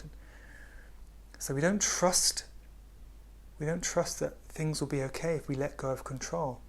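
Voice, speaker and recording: A man giving a spiritual talk in a gentle, unhurried way, often dropping to a hush. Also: a little high, fairly even intonation. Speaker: spiritual teacher.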